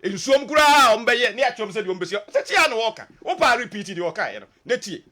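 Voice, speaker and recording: A man's voice: high voice, big pitch swings, quick pace, sharp tone. A Ghanaian man arguing as a guest on a radio panel, insistent and repeating his points over the other speakers. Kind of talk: heated radio debate.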